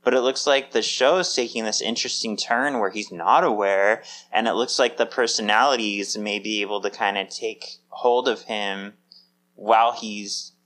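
A man with a fairly low voice co-hosts a podcast, chatting casually. He talks in an upbeat, rambling way with plenty of filler words. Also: normal speed, fairly bright tone. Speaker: podcast co-host. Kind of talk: casual chat.

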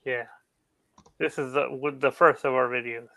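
Gravelly, hesitant man co-host. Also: medium pitch, fairly even intonation, normal speed, bright, forceful tone, dry recording. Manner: hesitant, restarting sentences. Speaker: podcast co-host. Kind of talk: casual chat.

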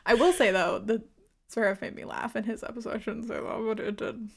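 A woman's voice: fairly high pitch, fairly even intonation, fairly quick, creaky, breathy edge. A young woman co-hosting a podcast, chatting casually with lots of fillers and giggly asides. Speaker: podcast co-host. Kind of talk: casual chat.

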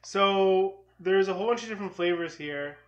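A man's voice: high voice, moderate pace, dull audio. A young man appearing as a recurring guest on a live stream, laid-back and tossing in dry quips. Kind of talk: casual live-stream chat.

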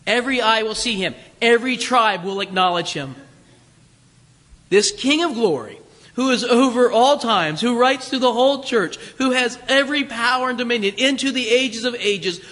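A man preaching a sermon, emphatic and repetitive, slowing down to read scripture aloud. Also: extremely high pitch, pushed and bright. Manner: emphatic, repeats phrases for stress, reads scripture slowly. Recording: long reverb of a large hall.

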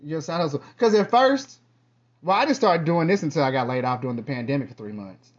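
A man's voice: fairly high pitch, fairly quick. Rambling man hosting a lo-fi podcast. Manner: chatty, loose, drifts between topics; swings between lively bursts and quiet trailing asides. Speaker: podcast host. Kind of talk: casual rambling monologue.

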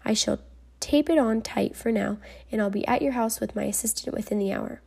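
A woman voicing a brisk, self-assured old-fashioned male doctor. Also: fairly high pitch, creaky, darkish tone, slightly rough.

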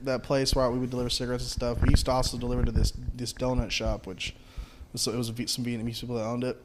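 A man co-hosting a casual podcast, telling a story in an animated, profane way and laughing along. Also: mid-range voice, fast, very noisy. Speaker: podcast co-host.

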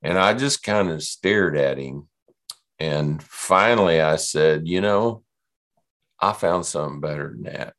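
A man, guesting on an interview and telling his story. His voice sits extremely low. He talks in a loose, rambling way, circling back and restarting his sentences. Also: a little slow, a bit bright. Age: 60s.

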